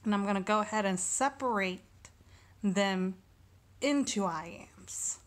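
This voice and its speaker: Woman going thru a lesson really slowly, sounds out each syllable carefully. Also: medium pitch. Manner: slow and deliberate, sounding out syllables. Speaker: teacher. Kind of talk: recorded lesson walkthrough.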